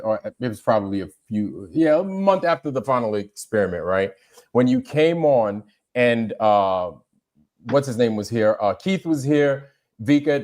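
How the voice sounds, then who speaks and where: Calm hesitant man explaining. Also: medium pitch. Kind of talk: calm talk in a debate.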